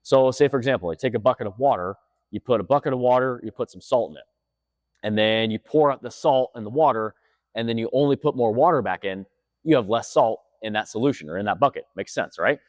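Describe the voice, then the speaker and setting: Fast-talking man, dry close sound. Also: mid-range voice, no echo. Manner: energetic, repeats points for emphasis. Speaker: fitness coach. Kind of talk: casual talk to camera. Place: gym.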